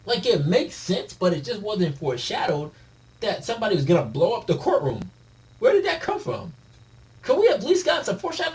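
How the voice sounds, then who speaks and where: A man's voice: high-pitched, recorded from a distance, poor audio. A man giving a casual, exasperated film review late at night at home, laughing often. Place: home room.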